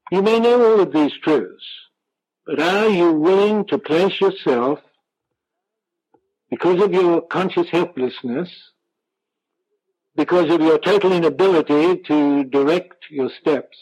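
A man preaching a sermon, slow and emphatic, drawing out the words of scripture he quotes. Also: on the high side, a little mellow, lo-fi sound.

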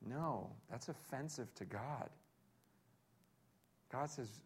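Guy with a pretty high voice giving a sermon, chatty and jokey, acts out little quotes. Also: unhurried. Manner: lively, conversational preaching with self-deprecating humor and acted quotes. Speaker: pastor.

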